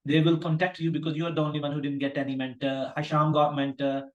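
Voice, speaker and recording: A man's voice: fairly high pitch, flat delivery, fast, lo-fi sound. Guy tutor explaining mentors to students, casual and loose phrasing, roomy echo. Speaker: medical exam tutor. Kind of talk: online class instructions.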